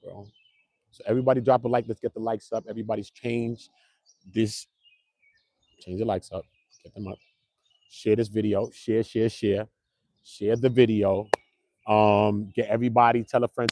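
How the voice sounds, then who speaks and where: A man hosting a casual online commentary show, animated and slangy, talking straight to his viewers. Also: lowish voice, dry recording. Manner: animated, slangy, keeps calling viewers bro. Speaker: commentary channel host.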